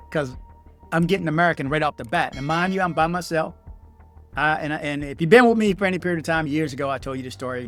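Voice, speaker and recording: A middle-aged man from Washington, D.C., with a D.C. accent, telling a travel horror story in a heated, animated vlog rant. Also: a little high. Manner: animated, heated, acts out texted exchanges in raised voices. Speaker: vlogger.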